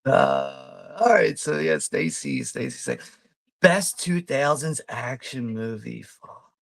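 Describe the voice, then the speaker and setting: A man's voice: medium pitch, very animated, slow, gravelly, a bit bright, no echo. A man hosting a live watch party, commenting casually over a film, laid-back, swearing freely and laughing often.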